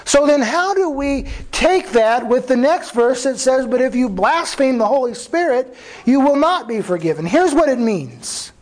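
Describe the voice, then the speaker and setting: A man's voice: very high-pitched, lively intonation, normal speed, low-quality recording. A man, a pastor, preaching a sermon in an earnest, conversational way, often restarting phrases and acting out quoted dialogue.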